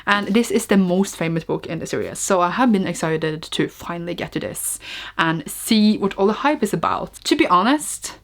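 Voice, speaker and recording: A woman's voice: on the low side, lively intonation, normal speed. A woman with a Norwegian accent in a casual book review vlog, rambling and chatty with lots of "like", often laughing at herself. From Norway. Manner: self-mocking and giggly. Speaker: book vlogger.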